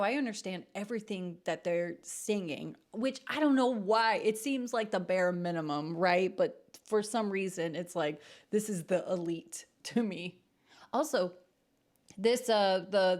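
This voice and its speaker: A woman with a voice of middle pitch talks to her viewers as the host of a musical theatre reaction video. She is bubbly and chatty, and she laughs easily as she shares her thoughts. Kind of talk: casual reaction commentary.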